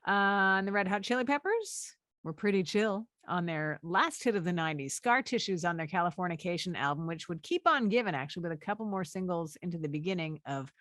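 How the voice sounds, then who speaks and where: A woman co-hosting a podcast in casual chat, playful and animated, quick to laugh. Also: lowish voice, no room sound, clean studio sound. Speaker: podcast co-host.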